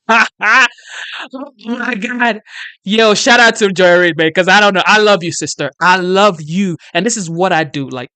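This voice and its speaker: A reaction-video host talks back at a clip in an earnest, sometimes preachy tone and sounds exasperated. The voice is smooth and clear. It is recorded close and dry, with no room sound. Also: mid-range voice, fairly quick, few pauses, sharp tone, no room sound. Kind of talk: casual reaction commentary.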